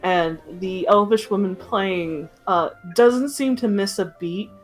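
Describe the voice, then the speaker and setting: A woman's voice: mid-range voice, slow pace, soft background music, poor audio. A woman narrating as game master, hesitant with many fillers.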